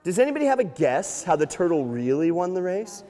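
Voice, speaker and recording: A man working as a nature museum storyteller, telling an animated, playful tale to children with sound effects. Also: sits high, a little fast. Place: library room. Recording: echoey hall.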